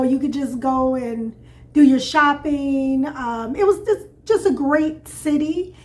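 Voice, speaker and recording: A woman from Chicago co-hosting a travel vlog, telling travel stories in a high-energy, animated way. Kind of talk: casual travel chat.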